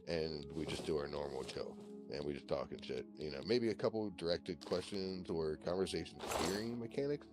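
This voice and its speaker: This caller from Virginia, USA has an extremely low voice and talks at a normal speed over background music. It's casual voice-call chat, rambling and profane, full of "like" and "you know."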